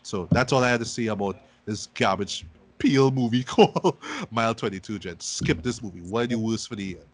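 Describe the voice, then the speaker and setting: A man's voice: fairly low pitch, brisk, breathy edge. A man in casual podcast chat about movies, easygoing and agreeable, often restarting his sentences.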